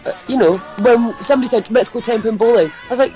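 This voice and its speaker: A woman's voice: fairly high pitch, fast talker, dark tone, faint music behind, rough recording. A woman chatting casually on a podcast, laughing and swearing as she tells stories. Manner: giggly storyteller, swears a lot. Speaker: podcast co-host. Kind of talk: casual chat.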